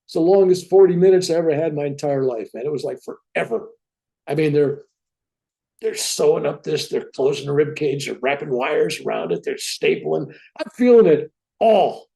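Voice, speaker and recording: A man's voice: fairly high pitch, normal speed, creaky, dark tone. An older man telling a personal story as an interview guest, acting out the dialogue as he goes.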